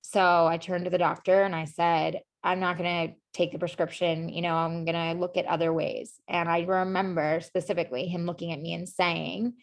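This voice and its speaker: A woman's voice: lowish voice, flat delivery, normal speed, gravelly, hardly any pauses. A woman guest on a podcast, telling her personal story earnestly and openly, with lots of "like" and "you know" fillers. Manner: earnest and emotionally open. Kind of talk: candid personal storytelling in conversation.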